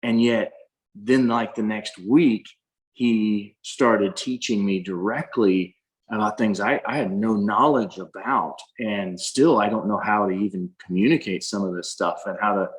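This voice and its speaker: A man's voice: fairly low pitch, unhurried, poor audio. A man on a video call, earnestly recounting a spiritual experience in a casual way, often restarting his sentences. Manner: earnest storyteller with frequent restarts.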